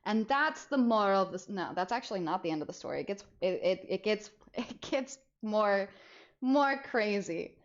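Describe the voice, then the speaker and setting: A young adult woman streamer telling a story in casual chat, animated and often laughing as she goes. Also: medium pitch, normal speed, dull audio. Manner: animated, laughs through the story, frequent restarts.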